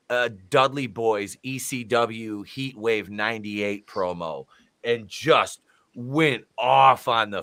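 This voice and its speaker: A man's voice: medium pitch, a bit bright. A man co-hosting a casual podcast chat, talking animatedly, laughing often and acting out quotes in exaggerated voices. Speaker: podcast co-host.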